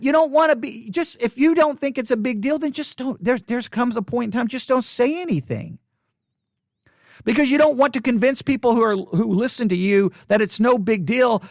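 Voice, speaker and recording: A man's voice: sits high, no echo, studio quality. A man giving impassioned solo commentary to fellow Christians, pleading and often repeating or restarting his words. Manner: pleading, frequent repetitions and restarts.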